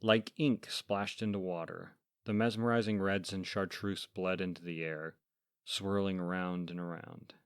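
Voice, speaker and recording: A man narrating a first-person horror fable in a measured, deadpan, scripted way as host of a story podcast. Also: low voice, smooth, no room sound, clean studio sound.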